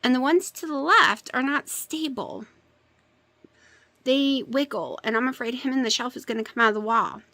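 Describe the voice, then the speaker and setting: A woman's voice: sits high, normal speed, pushed and bright, dry recording. A woman chatting casually to her camera at home, talking to her cats and cooing at them in baby talk. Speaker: vlogger. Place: home room.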